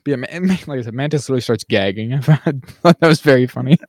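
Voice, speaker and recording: A man co-hosting a podcast in casual chat. He laughs often and jumps higher when he acts out characters' lines. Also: a little fast, darkish tone, no room sound, studio quality. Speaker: podcast co-host.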